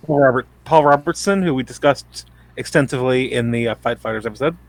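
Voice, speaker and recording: A man's voice: mid-range voice, fast. A man co-hosting a podcast, chatting casually and adding background trivia about the show. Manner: chatty aside-giver, offers background trivia. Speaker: podcast co-host.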